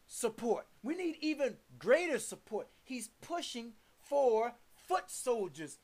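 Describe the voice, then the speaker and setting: A woman preaching a sermon, stressing words and syllables and repeating lists of terms as she works through scripture. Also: on the high side.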